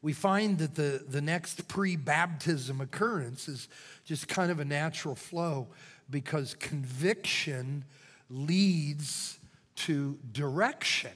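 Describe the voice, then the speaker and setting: An older man preaching a sermon as pastor, moving from loud cries to hushed whispers. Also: a little high, unhurried. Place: church sanctuary. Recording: church hall reverb.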